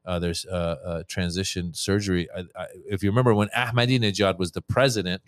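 A man, a comedian guest on a podcast, telling jokes in casual chat and acting out quotes in lively voices. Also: low-pitched, fairly quick, no echo. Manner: animated storytelling, acts out quotes.

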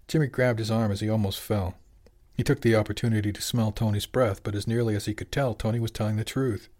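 A man narrating a serialized audiobook in a steady, even storytelling manner. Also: lowish voice, fast talker. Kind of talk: scripted narration.

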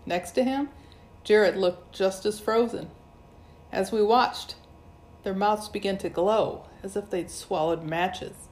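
A woman's voice: mid-range voice, slow pace, a little mellow. Woman narrating an audiobook. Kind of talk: first-person audiobook narration.

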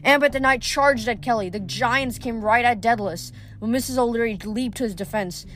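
A woman reading a novel aloud in a steady manner, with occasional slips and restarts. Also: on the high side, brisk, a little hiss or hum. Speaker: reader.

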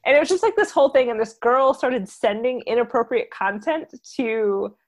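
A woman with a New Jersey accent chats loosely as a podcast co-host. She tells stories in a lively, rambling way, with plenty of fillers along the way. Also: a little high, normal speed. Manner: chatty, lively storytelling with many fillers. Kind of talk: casual chat.

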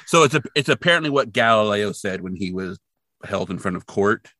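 A man's voice: lowish voice, lively intonation, a little fast, bright, forceful tone, dry recording, clean studio sound. A man casually recapping a TV episode on a podcast, thinking aloud and second-guessing himself. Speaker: podcast co-host.

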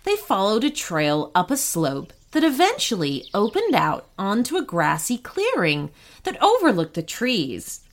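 A woman reading a children's story aloud as narrator, gentle and expressive. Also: medium pitch, measured pace.

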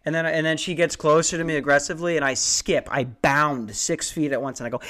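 A man's voice: fairly high pitch, fairly even intonation, fairly quick, hardly any pauses, fairly bright tone, a little hiss or hum. Profane young man telling a story. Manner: profane, rambling, self-mocking. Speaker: door-to-door salesman. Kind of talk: casual comedic storytelling monologue.

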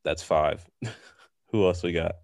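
A man's voice: low voice, fairly even intonation, slow pace, creaky, darkish tone, no room sound. A man co-hosting a casual podcast, rambling and chatty, filling his talk with "like". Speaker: podcast co-host. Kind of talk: casual chat.

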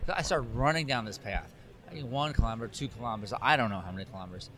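A man, a photographer, telling an animated anecdote in casual chat, acting out the dialogue. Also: mid-range voice, very fast. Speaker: cycling photographer.

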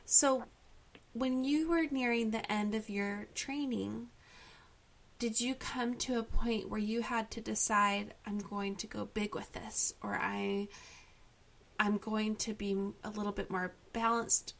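A woman interviewer asking gentle, encouraging questions. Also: medium pitch, fairly even intonation, takes it slowly, gravelly.

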